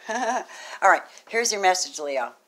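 A woman giving a casual tarot reading to camera, gushing and excitable, swinging from loud exclamations to hushed murmurs. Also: medium pitch, measured pace. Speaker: tarot reader.

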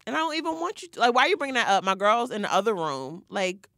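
A woman's voice: medium pitch, very animated, fast talker, bright, forceful tone, no echo, studio quality. A young woman co-hosting a podcast, chatting casually and acting out quotes in playful voices. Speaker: podcast co-host. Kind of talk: casual chat recapping a show.

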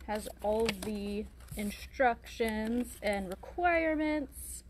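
A woman's voice: a little high, lively intonation, takes it slowly, a little hiss or hum. A woman co-hosting a live shopping sale in a vintage store, reading out items and their prices in brief lines. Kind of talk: live shopping sales pitch.

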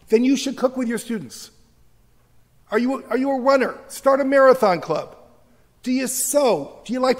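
A man in his sixties gives a lively lecture in a large university auditorium. His voice sits high, and he talks as an emphatic, joking storyteller. Long reverb from the hall trails each phrase. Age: 60s. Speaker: teacher giving a lecture. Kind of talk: humorous, animated public lecture.

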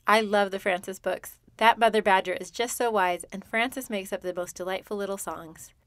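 A woman's voice: medium pitch, fairly even intonation, moderate pace, dry recording. A woman hosts a parenting podcast, talking through her script in a chatty, upbeat way. Her voice sits in a middle range. The sound is close and dry, with no room around it. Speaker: podcast host.

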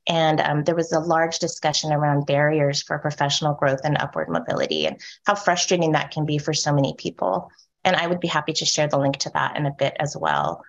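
A woman leads a panel discussion in a soft, low-set voice whose sentences lift at the end like questions. She fills pauses with "um" and checks in with her listeners. The sound is dull and lo-fi, like a video call. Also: expressive. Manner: soft voice with rising lilt at sentence ends; frequent "um" and "right?" check-ins. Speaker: panel moderator.

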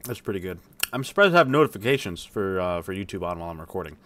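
A man's voice: low-pitched, animated, quick pace, fairly bright tone, a little hiss or hum. A young man chatting casually through a food review vlog while he eats, rambling with lots of fillers and appreciative hums. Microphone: streaming setup mic.

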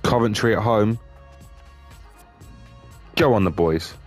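A man commentating on his own football game, swearing a lot and swinging between glum muttering and excited shouting. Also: fairly low pitch, takes it slowly, soft background music. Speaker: gaming YouTuber.

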